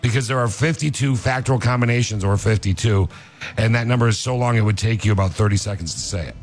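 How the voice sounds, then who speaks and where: A man's voice: lowish voice, quick pace, faint music behind. A man hosting a casual chat, joking around and rattling off rambling fun facts. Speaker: host.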